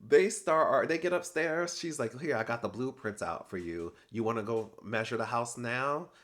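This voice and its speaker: Sassy, animated man recapping reality TV. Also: medium pitch, normal speed. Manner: animated and sassy, quotes people with slangy asides. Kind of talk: casual recap commentary.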